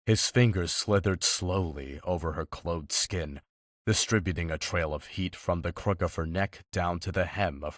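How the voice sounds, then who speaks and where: A man reading a romance audiobook aloud in a steady, measured storytelling delivery. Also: deep voice, no echo, clean studio sound. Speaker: audiobook narrator. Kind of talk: scripted romance audiobook narration.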